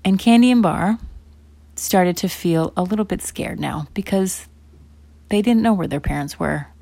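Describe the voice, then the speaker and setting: A woman telling a children's bedtime story in a lowish voice. She swings from loud, eager emphasis into soft whispers. The sound is dry and close. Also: unhurried, gravelly, dry recording.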